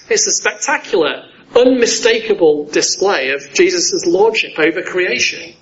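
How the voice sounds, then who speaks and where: Higher-voiced man preaching, lo-fi. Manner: conversational, asks the listeners questions. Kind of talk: sermon.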